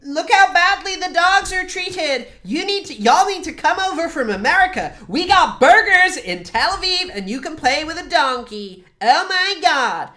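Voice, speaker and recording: A man putting on a shrill brash American settler caricature. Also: big pitch swings, normal speed, few pauses, pushed and bright, full character voice. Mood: mocking. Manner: exaggerated high-pitched mocking caricature.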